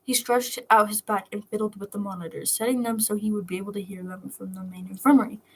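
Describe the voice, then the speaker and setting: A woman narrating a fan fiction story aloud. Her voice is breathy and soft, at an ordinary pitch. She reads in a steady, even way. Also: quick pace, poor audio.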